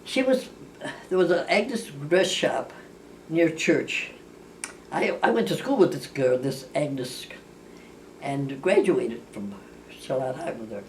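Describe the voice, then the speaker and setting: Deep and a little mellow, the voice of this older family storyteller moves at a slow pace yet stays animated in casual talk. She rambles with plenty of restarts and corrections, impersonating the people in her tales. A distant mic captures her along with faint hiss.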